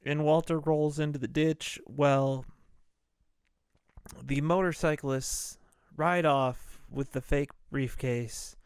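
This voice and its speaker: A man's voice: fairly high pitch, steady tone, takes it slowly, clear, resonant tone, dry recording, studio quality. A man hosting a podcast, retelling a film in a laid-back, profane, casual way. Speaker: podcast host. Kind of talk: casual movie recap podcast.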